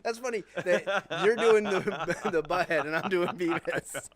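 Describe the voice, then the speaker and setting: A man's voice: sits high, measured pace. A middle-aged man co-hosting a casual podcast, with a mumbly voice, often chuckling as he talks. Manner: giggly, chuckles through his lines. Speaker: podcast co-host.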